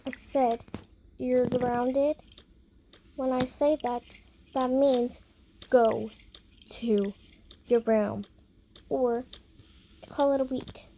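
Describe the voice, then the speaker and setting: A young performer voicing a strict, snappish mother in a toy-game role-play, scolding her daughters in sharp, drawn-out words. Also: medium pitch, steady tone, gravelly, slight background noise. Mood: stern.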